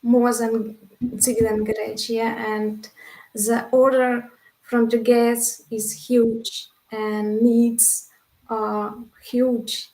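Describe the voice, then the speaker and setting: Woman, slow halting English, slightly high voice, echoey room, video call. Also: level tone, mellow. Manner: halting non-native English, searching for words. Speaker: volunteer guest. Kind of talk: casual video-call chat.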